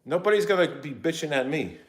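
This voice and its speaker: A man's voice: fairly high pitch, fairly quick. A middle-aged man ranting in a casual, rambling way to his viewers, acting out what others said. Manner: animated, rambling, acts out quotes. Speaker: vlogger.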